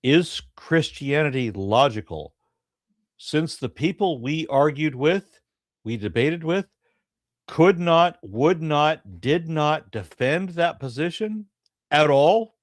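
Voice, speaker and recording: A man's voice: a little high, animated, slow, no room sound, clean studio sound. A man co-hosting a live stream, talking bluntly and emphatically, with some profanity. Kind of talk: casual debate review chat.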